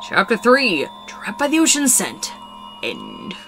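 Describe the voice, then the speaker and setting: A woman's voice: medium pitch, wildly swooping pitch, slow, creaky. A young woman playing a video game, reading its text aloud and chatting casually, tired, laughing often and swearing now and then. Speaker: let's play gamer. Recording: faint background music.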